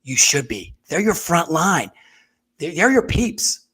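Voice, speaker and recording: A man hosting a casual business talk show, talking in an animated, folksy way and speaking straight to viewers. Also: a little high, takes it slowly, breathy edge. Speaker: podcast host. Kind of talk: casual conversational interview.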